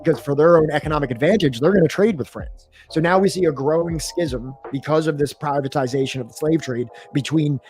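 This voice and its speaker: A man co-hosting a history stream, reading from a book and explaining it in his own words, pausing often with fillers and correcting himself as he goes. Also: fairly high pitch, a little mellow, soft background music. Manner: thoughtful, with frequent fillers and self-corrections.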